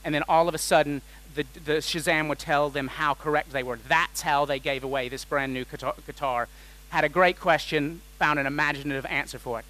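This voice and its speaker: A man giving an energetic, joking talk on a conference stage, tossing questions at the audience. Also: fairly high pitch, poor audio. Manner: energetic and jokey, quizzing the audience. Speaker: conference keynote speaker.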